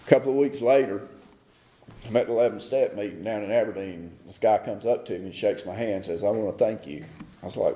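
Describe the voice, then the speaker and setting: A man's voice: on the low side, quick pace, mellow, reverberant. A middle-aged man sharing his recovery story at a meeting, rambling with many fillers and restarts. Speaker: AA speaker. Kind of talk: recovery talk.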